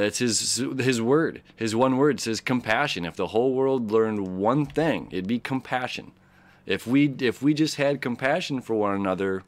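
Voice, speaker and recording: A man giving a casual, earnest horoscope reading, reflective and emotional, often checking in with "okay?" and "you know". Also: mid-range voice. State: emotional, near tears. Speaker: astrologer host.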